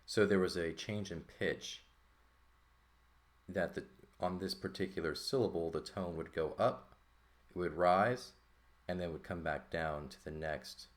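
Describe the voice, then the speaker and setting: A man's voice: deep voice, unhurried, long pauses. A man teaching a textbook lesson in a loose, thinking-aloud way, full of fillers and "right?" checks. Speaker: Greek teacher. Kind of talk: informal lesson walkthrough.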